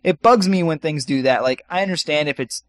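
A man's voice: a little high, a little fast, no echo. A man co-hosting a podcast, chatting casually and rambling with many fillers and restarts. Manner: rambling, lots of ums and restarts. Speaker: podcast co-host. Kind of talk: casual chat.

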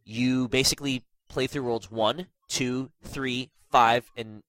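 A man's voice: medium pitch, steady tone, slow pace, a bit bright, dry recording, low-quality recording. A young man with a stuffy nose hosting a casual gaming podcast, rambling with lots of fillers and self-deprecating asides. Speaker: podcast host.

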